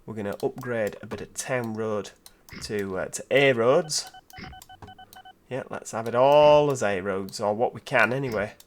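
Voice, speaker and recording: A man's voice: fairly low pitch, a little slow, a little hiss or hum. Chatty man narrating a strategy game. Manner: chatty, thinks aloud, asks rhetorical tag questions. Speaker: gameplay commentator. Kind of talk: casual let's-play commentary.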